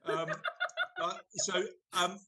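A man hosting a casual podcast, his voice bright and forward. He rambles, restarts his sentences and keeps slipping in jokes. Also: high-pitched, huge pitch swings, extremely slow, breathy edge. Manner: rambling, self-correcting, jokey. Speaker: podcast host. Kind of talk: casual chat.

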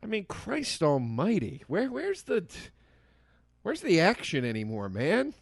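A man's voice: high-pitched, wildly swooping pitch, a little slow, gravelly, dry recording. Guy ranting on a podcast, cusses a lot, voice jumps all over, dry room. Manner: impassioned, profane ranting. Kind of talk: casual chat.

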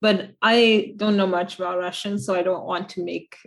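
A woman's voice: lowish voice, fairly even intonation, normal speed, creaky. A woman guest on a podcast talking casually and reflectively, with many fillers and restarts. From United States. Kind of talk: casual interview chat.

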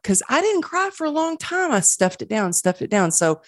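A woman host interviewing a guest in a chatty, enthusiastic way, often talking quickly. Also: on the high side, very animated, no room sound, clean studio sound. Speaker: podcast host. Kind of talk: casual interview chat.

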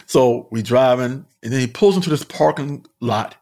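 A man's voice: medium pitch, moderate pace. A man, a stand-up comedian, telling road stories casually with lots of swearing and laughter. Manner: animated, profane, laughs often. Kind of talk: casual storytelling.

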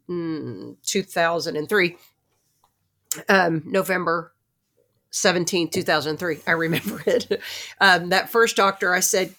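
An outspoken woman from New Jersey, in her late fifties, talks with a guest on her podcast. Her accent is plain, and she tells her stories with blunt, animated energy. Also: lowish voice. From Newark, New Jersey. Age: late 50s. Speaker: host. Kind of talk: casual podcast conversation.

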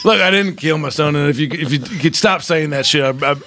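A man's voice: on the high side, brisk, background noise. A man in an improv comedy scene, sounding defensive and exasperated. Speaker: improv performer.

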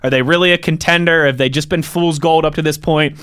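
A man's voice: on the high side, steady tone, a little fast, a bit bright, clear, resonant tone, no room sound, studio quality. A young man, hosting a sports radio show in a casual, playful way. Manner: upbeat, playful banter.

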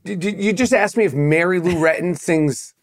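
A man's voice: high voice, normal speed. A man hosting a podcast in casual banter, emphatic and profane, full of street slang. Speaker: podcast host.

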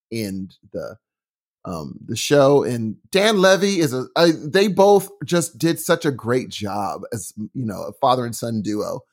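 A man co-hosting a podcast in casual chat, enthusiastic and acting out little quotes as he talks. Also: fairly high pitch. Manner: animated, enthusiastic, acts out quotes. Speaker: podcast co-host.

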